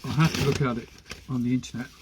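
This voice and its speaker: In a greenhouse, a gardening channel host pots seeds on a live stream, chatting casually, rambling and talking to himself as he works. His mid-range voice is fast, with fairly even intonation, and the background is noisy.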